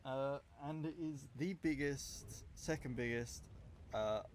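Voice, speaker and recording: A man's voice: medium pitch, slow, slight background noise. A man giving casual, rambling gameplay commentary, offhand and often correcting himself, with the hiccups. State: has the hiccups. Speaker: gaming YouTuber.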